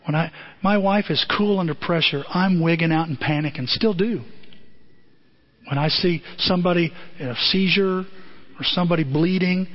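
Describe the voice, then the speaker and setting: A man's voice: high-pitched, moderate pace. A man preaching a sermon, telling a personal story in an earnest, self-deprecating way. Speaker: pastor. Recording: dull lo-fi sermon recording.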